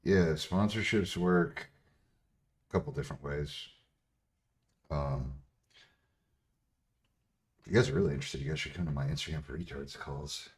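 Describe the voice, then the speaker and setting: A man streaming casually as a bodybuilder answering chat, blunt and profane, laughing and getting louder when riled up. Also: extremely low pitch, normal speed, pauses often.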